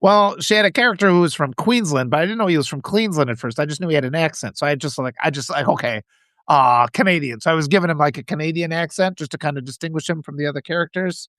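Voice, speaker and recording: A man's voice: a little high, rapid-fire, hardly any pauses, a bit bright, no echo, studio quality. A man from Wisconsin hosting a casual solo morning chat, talking in a rambling, enthusiastic way with chuckles and restarts. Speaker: host.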